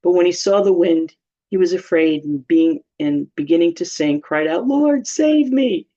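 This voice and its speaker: A woman's voice: low-pitched, level tone, moderate pace, dark tone. A woman giving informal, humorous Bible teaching in a chatty way, laughing often. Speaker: church teacher. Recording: slightly dull lo-fi sound.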